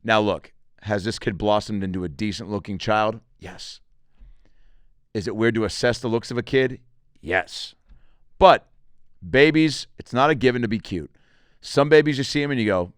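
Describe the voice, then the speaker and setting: Comic host, man, 30s, lively pitch, dry studio sound, storytelling monologue. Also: moderate pace, long pauses, no echo. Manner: animated storytelling, jumps into voices. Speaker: comedian host.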